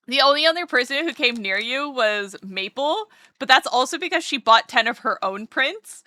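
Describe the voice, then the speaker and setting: A woman streaming live, chatting casually with her viewers in a bubbly, excitable way, rambling with lots of fillers and greeting chat with repeated hellos. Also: high-pitched, normal speed, no echo.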